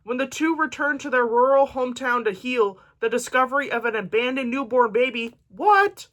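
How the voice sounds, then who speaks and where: A woman's voice: high voice, animated, normal speed, fairly bright tone. A woman book vlogger chatting casually to camera, reading book blurbs aloud with jokey asides.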